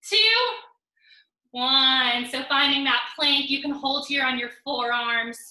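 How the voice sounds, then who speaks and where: A high-pitched woman coaching a workout, her voice strikingly bright and sharp as she counts down and cues form. She sounds slightly out of breath between cues, and the room around her rings with echo. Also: measured pace. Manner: upbeat coaching, counting down reps, joking asides. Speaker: fitness instructor. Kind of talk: live online workout class instruction. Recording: roomy echo.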